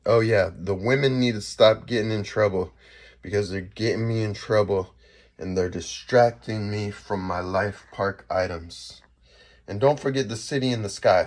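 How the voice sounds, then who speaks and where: A man's voice: on the low side, a little mellow. A man rambling through a casual, half-improvised monologue, drifting from one fanciful idea to the next and swearing mildly now and then. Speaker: vlogger.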